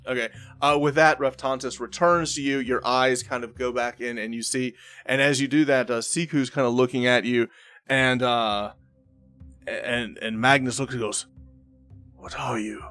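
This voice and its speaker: A male game master describes the scene in a halting, searching way, stopping and restarting often. His voice sits at a middling pitch, with faint music playing behind it. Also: fairly even intonation, a bit bright, clean tone. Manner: halting, with many fillers and restarts. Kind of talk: narrating a tabletop game.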